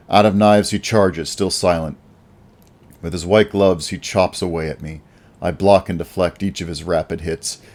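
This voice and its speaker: A man narrating a first-person action audiobook in a wry, lively storytelling manner. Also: sits low.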